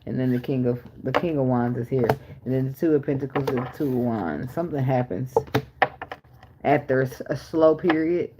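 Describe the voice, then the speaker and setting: Blunt, animated woman tarot reader. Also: extremely low pitch, brisk, very noisy. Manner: blunt, profane, animated talk with rhetorical questions. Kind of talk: casual spiritual reading and rant.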